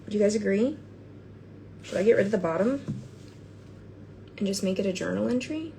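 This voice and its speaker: A woman chatting casually on a livestream while she paints, gushing, excitable and bursting into squeals, then dropping to whispers. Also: mid-range voice, moderate pace, gravelly, noisy background.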